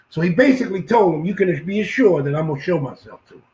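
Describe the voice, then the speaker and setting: A man acting as a Bible teacher, reading scripture aloud and adding commentary. He reads slowly, restarts phrases and breaks in with casual asides. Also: on the high side, animated, rough recording.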